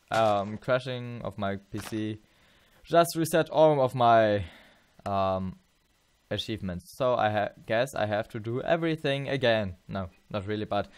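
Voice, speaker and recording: A tired man talks through his let's play, rambling and halting, full of fillers and restarts. His voice sits a little low and sounds smooth and clean. The sound is dry and close. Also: dry recording. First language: German. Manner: rambling, halting, many fillers and self-corrections. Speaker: gameplay channel host.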